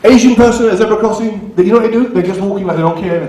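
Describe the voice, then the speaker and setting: Working as compere at a community venue hall, a man does live stand-up and banters with the crowd, tossing in quick asides. His voice sits high with a dark tone and a slight hiss or hum. The hall is echoey, the mic is distant, and the audience can be heard.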